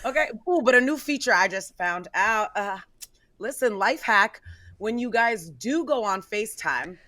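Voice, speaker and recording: Woman, radio host, casual chat, bright voice, dry studio sound. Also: medium pitch, moderate pace, no room sound. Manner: animated storytelling, acting out quotes.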